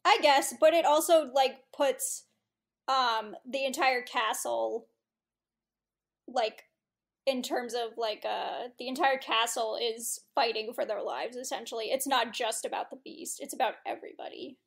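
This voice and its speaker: Woman co-host, high voice, casual chat, hesitant and filler-heavy. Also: fairly even intonation, unhurried, creaky. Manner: hesitant, filler-heavy, then firm objections. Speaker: podcast co-host.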